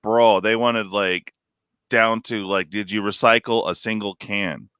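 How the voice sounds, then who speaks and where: Dude streamer rambling away, bright clear voice, dry close sound, lots of "like". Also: male voice, on the low side, fairly even intonation, measured pace, dry recording. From California. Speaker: stream host. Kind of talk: casual live-stream chat.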